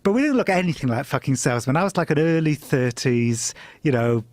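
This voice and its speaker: A man's voice: fairly quick, dry recording. Laughing middle-aged storyteller man. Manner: animated, laughing, swearing, jumps pitch when quoting people. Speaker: guest storyteller. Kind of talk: casual anecdote telling.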